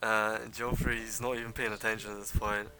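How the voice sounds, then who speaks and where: A man's voice: lowish voice, level tone, normal speed, a crowd in the background. A young man narrating a tabletop game as game master, rambling with many fillers.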